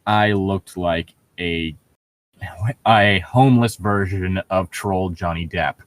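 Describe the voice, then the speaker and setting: A man's voice: low-pitched, slow pace. A young man co-hosting a casual podcast chat, rambling with lots of fillers and laughing often. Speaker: podcast co-host.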